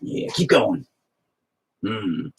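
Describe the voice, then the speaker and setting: A man's voice: lowish voice, lively intonation, very slow, a little hiss or hum. A young man chatting casually while he paints, self-deprecating and swearing constantly as he talks to his painting. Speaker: painting video host.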